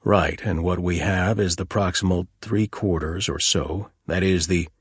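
A proud American anthropologist with a deep, husky voice, voiced by a male narrator. He sounds clipped and defensive, read close and dry. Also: fairly even intonation, measured pace, dry recording, heavily acted.

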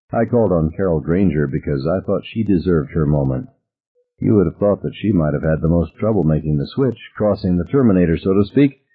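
Man, audiobook narration, lowish, lively pitch, vivid storytelling. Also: breathy edge. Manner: vivid first-person storytelling, voices characters. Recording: narrow phone-like audio.

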